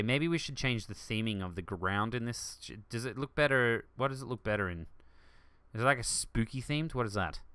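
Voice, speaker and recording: A man hosting a let's play, rambling excitedly through gaming commentary and jumping to shouts. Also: mid-range voice, smooth, no echo.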